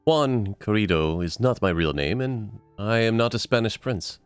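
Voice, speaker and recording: Smooth con-artist aristocrat with a hammy fake accent, low and lively, dry sound, a man putting him on. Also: moderate pace, no room sound, soft background music, natural voice. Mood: conspiratorial. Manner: theatrical fake foreign accent, courtly. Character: smooth-talking male con man posing as nobleman.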